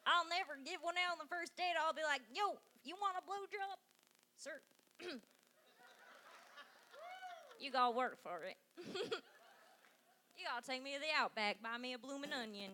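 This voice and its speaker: A woman's voice: sits high, bright, forceful tone, exaggerated voice. A comedian doing a put-on hillbilly accent as a cocky country woman talking about dates. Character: brash country gal bragging about dates.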